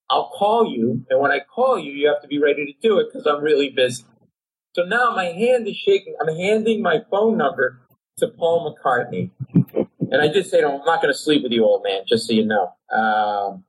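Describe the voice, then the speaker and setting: A man, a comedian, telling a comic story on a podcast in an excitable way that keeps jumping into high, shouted asides. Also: poor audio. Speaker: comedian guest.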